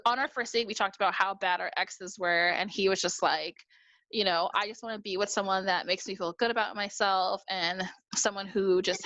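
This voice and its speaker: A woman from New York, a guest on a video call, telling a story in animated casual chat, acting out quotes and laughing often. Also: mid-range voice, dry recording.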